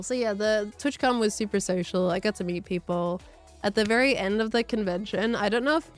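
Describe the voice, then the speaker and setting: A young woman talks casually into a desk mic during a livestream, her voice strained and slightly congested from overuse. She rambles warmly from one story to the next, at an ordinary middle pitch. Soft music plays faintly underneath. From Australia. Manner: chatty, rambling, thanks viewers between stories. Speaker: streamer.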